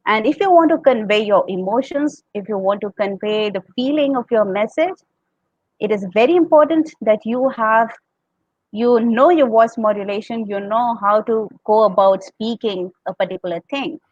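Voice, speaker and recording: A woman's voice: fairly high pitch, moderate pace, a little mellow, no echo, lo-fi sound. A woman with an Indian accent on a podcast, explaining public speaking tips and acting out sample tones. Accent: Indian English. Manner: explanatory, demonstrates tones, laughs often.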